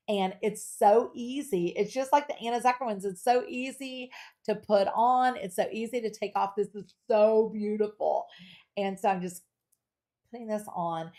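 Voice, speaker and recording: Woman, middle-aged, live shopping host, chatty, playful, animated sales pitch. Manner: chatty, playful and animated, reading viewer comments aloud.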